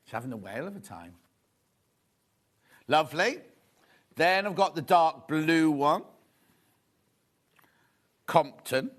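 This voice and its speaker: A man's voice: on the high side, lively intonation, slow, long pauses. A man presenting fabrics on a live shopping channel in a TV studio, chatty and rambling, with gossipy asides. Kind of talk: live TV selling chat.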